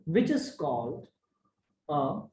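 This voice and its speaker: Speaking slowly in a slightly high voice, a man leads an online grammar lesson with plenty of energy. He often pauses to quiz the class and confirm they follow, and the room sounds echoey.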